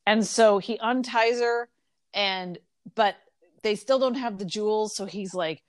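Woman, casual podcast chat, animated storyteller, dry close mic. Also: medium pitch, a little slow, no room sound. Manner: animated retelling with quoted voices, frequent ums.

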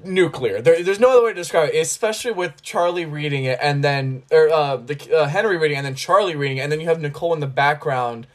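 A man's voice: a little high, fast, hardly any pauses. A man hosting a podcast, chatting about a film in an enthusiastic, rambling way with many restarts. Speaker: podcast host. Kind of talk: casual film discussion.

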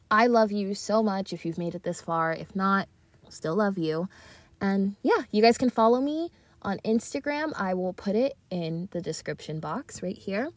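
A woman's voice: mid-range voice, a little mellow, no room sound. Upbeat young woman podcast host. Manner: upbeat, encouraging, giddy. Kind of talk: casual motivational chat. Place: walk-in closet. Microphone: tablet mic.

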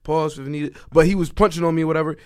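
Fast-talking young man, casual podcast chat. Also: fairly high pitch, smooth, no room sound, clean studio sound. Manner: animated, swears freely, laughs a lot. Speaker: podcast co-host.

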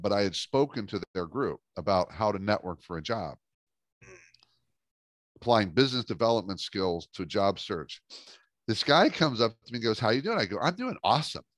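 A middle-aged man, a business coach, telling a lively story in an interview and acting out the dialogue. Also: lowish voice, dry recording, studio quality. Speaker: business coach and speaker, guest.

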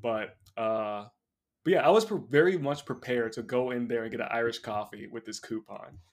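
Male podcast co-host, mid pitch, rambling anecdotes, easygoing. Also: moderate pace. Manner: laughing, storytelling with lots of fillers. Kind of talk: casual chat.

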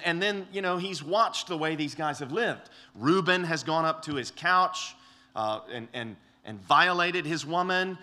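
A man's voice: on the high side, bright, forceful tone. A middle-aged man preaching a sermon, earnest and emphatic, often repeating words as he restarts and acting out quoted lines. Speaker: pastor.

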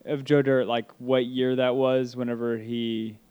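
A podcast co-host chatting casually, reacting with quick asides. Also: medium pitch, level tone, clean tone, highs cut off. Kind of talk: casual true-crime chat.

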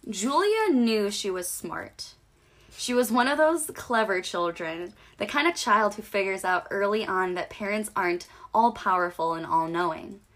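A woman's voice: medium pitch, lively intonation, unhurried, fairly bright tone. A woman co-hosting a podcast, reading a short horror story aloud in a casual, giggly way. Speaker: podcast co-host.

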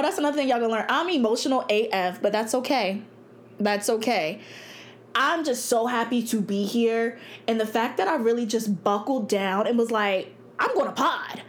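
A young woman, hosting her own podcast in a blunt, chatty way and laughing often. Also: medium pitch. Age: 20s. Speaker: podcast host. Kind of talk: casual solo podcast talk.

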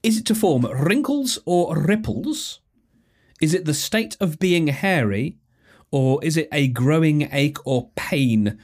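Animated self-mocking man. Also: fairly high pitch, slow pace. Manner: animated, self-mocking, thinking aloud with many restarts. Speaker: podcast host. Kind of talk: casual solo podcast talk.

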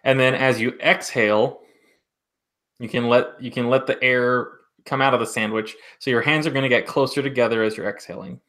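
Man calmly guiding a breathing exercise. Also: mid-range voice, brisk. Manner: calm step-by-step instruction. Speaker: vocal coach.

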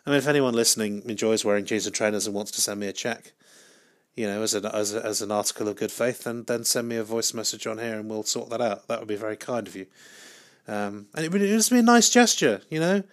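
Male podcast host, lowish voice, dry self-deprecating solo ramble, lots of false starts. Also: fast. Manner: deadpan, self-mocking, hesitant with many restarts. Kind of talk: rambling solo comic monologue.

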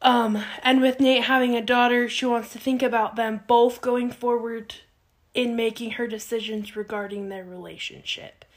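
A woman's voice: fairly high pitch, normal speed. A woman co-hosting a podcast, casually recapping a TV show and acting out the quotes. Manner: animated storytelling, acts out quotes. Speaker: podcast co-host.

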